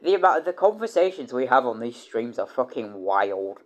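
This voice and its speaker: A man in the middle of an unscripted stream, talking off the cuff at an average pitch. His sentences stall and restart, with words repeated over and over. He swears bluntly, and his voice jumps up loudly whenever he gets excited. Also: moderate pace. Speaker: livestreamer. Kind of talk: casual rambling chat.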